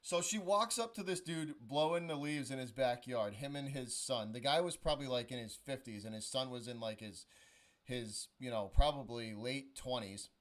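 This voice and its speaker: A young man in casual conversation on a livestream. He tells stories in a loose, profane way, often stopping and restarting his sentences. His pitch sits right in the middle for a man. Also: normal speed. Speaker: stream host. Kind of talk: casual chat on a charity stream.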